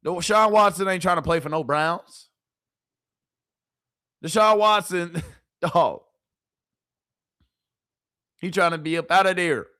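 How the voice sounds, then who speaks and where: A woman streamer giving casual, animated sports commentary, full of rhetorical questions and slang. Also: lowish voice, slow pace, long pauses.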